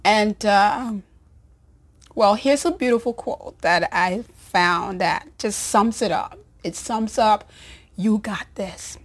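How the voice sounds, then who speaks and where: Casting: unhurried woman nurse host, heartfelt rambling storyteller, breathy asides. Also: medium pitch. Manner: emotional, warm-hearted, rambling with restarts and soft laughs. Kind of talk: personal storytelling to an audience.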